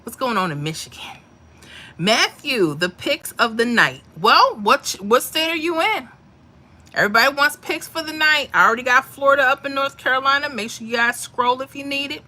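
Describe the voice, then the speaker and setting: In a casual lottery livestream, the female host reads viewer comments and calls people mama and honey. Her voice is high, bright, and animated, delivered at normal speed with a forceful tone.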